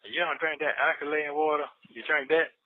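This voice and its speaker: A man's voice: a little high, normal speed, dry recording. A man on a recorded prison phone call, defensive and pleading, repeating himself. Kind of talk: casual phone conversation. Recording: tinny prison phone line.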